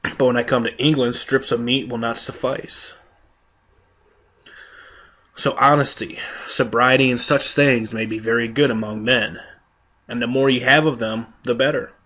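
Male preacher, middle pitch, emphatic rhetorical sermon delivery. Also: fairly even intonation, normal speed, pauses often, bright, forceful tone. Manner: emphatic, rhetorical, with quoted voices. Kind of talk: sermon reading.

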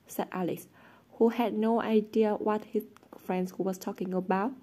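Even-voiced woman reading a story. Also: medium pitch, unhurried. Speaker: audiobook narrator. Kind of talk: scripted narration.

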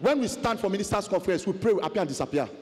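A man preaching a fiery sermon testimony, chanting and shouting repeated refrains. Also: high voice, expressive, rapid-fire, a little hiss or hum. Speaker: pastor. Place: large conference hall. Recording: long hall reverb.

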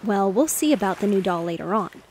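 A woman reading the part of a cheerful, reassuring father in a bedtime storybook, with a slightly gravelly voice. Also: medium pitch, animated, fairly quick, a little mellow, slight background noise, natural voice. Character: cheerful fatherly man, fish merchant.

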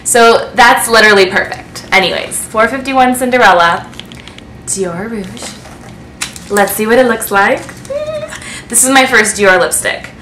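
A woman in a casual beauty vlog, unboxing gifts to camera and gushing with excitement. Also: medium pitch, measured pace, a little hiss or hum. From United States. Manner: gushing, excitable, breathless with delight. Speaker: beauty vlogger. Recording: echoey room.

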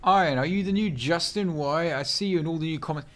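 A man commentates his own gameplay in a chatty, sarcastic way, full of slang. His voice sits a little high for a man, and he swings from low mutters to sudden loud outbursts. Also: quick pace. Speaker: video game commentator.

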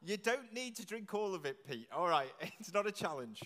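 Church leader, jokey chatty questions to the crowd, highish voice, long church echo. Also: male voice, fairly bright tone. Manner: jokey, chatty, quizzing the audience with quick questions. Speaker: preacher leading a church service. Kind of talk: playful all-age talk with the congregation. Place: large church with long reverb. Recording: echoey church from a distance.

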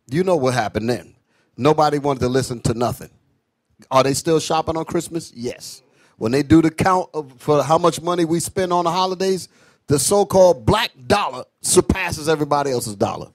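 A man's voice: fairly high pitch, animated, fairly quick. A man in joining a sermon discussion and telling his own story. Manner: affirming, tells his own anecdote. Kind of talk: casual chat during sermon.

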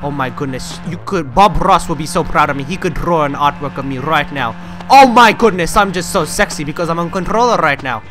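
Excitable young man over loud game music. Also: fairly high pitch, brisk. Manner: excitable, boastful, jokey, swings from mumbling to yelling. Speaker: gaming channel host. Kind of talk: gameplay commentary. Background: loud game music and car engine sounds.

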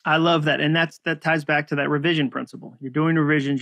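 Bright-voiced man hosting an interview. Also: a little high, brisk, creaky, no room sound. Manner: warmly affirming, reflective questions. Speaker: podcast host.

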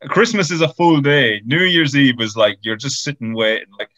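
A man's voice: mid-range voice, expressive, moderate pace, a bit bright. A 21-year-old man co-hosting a casual podcast, rambling and stacking up fillers as he talks. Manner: rambling, full of "like" and restarts. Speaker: podcast co-host.

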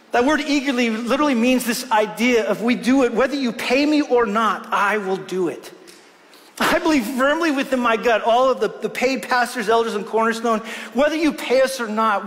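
A middle-aged male pastor preaching a sermon in a church, earnest and slowing down to stress scripture. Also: very high voice, fairly bright tone. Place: church hall. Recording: long church hall reverb.

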